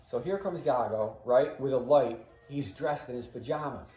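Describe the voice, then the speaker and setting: A man's voice: medium pitch, normal speed, hardly any pauses, warm tone. Casual man explaining a play, echoey room. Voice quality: casual, frequent "right?" asides. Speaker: teacher. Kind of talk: explaining and reading a play aloud. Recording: echoey room, faint ambience.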